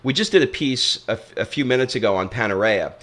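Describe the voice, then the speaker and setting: A man co-hosting a travel podcast, playful and quick to laugh as he jumps into the stories. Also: on the low side, animated, a bit bright. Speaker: podcast co-host. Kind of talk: casual travel story chat.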